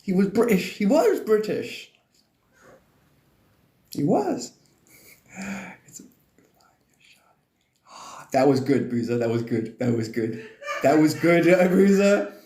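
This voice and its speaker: Male streamer, rambling and profane, laughs a lot; higher voice, mellow tone, roomy echo. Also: sing-song, slow, pauses often. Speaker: live stream host. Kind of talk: rambling casual live-stream chat.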